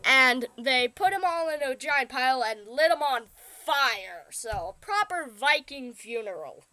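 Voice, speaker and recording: A young woman with a high, bright voice recaps a film at an easy, slow pace. She rambles, laughs often and drifts into game talk. The sound is dry and close. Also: lively intonation, no echo. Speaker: podcast co-host. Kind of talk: casual movie recap chat.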